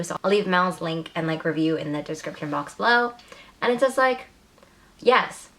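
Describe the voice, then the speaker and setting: A woman's voice: medium pitch, fairly bright tone. A woman talking casually to camera in a rambling, frustrated book review with lots of filler words.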